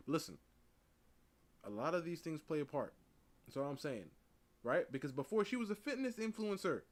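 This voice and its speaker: A man giving casual, animated commentary while reacting to a true-crime video, often repeating "listen" and "right?". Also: fairly high pitch, moderate pace, long pauses.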